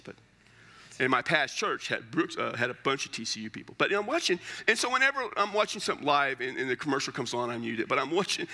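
A man's voice: a little high, sharp tone. A middle-aged male pastor preaching a sermon in a conversational, joking way with emphatic asides.

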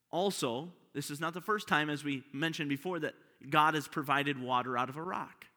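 A man's voice: fairly high pitch, normal speed, hardly any pauses, pushed and bright. A pastor preaching a sermon to his congregation, often asking them rhetorical questions. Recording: long hall reverb.

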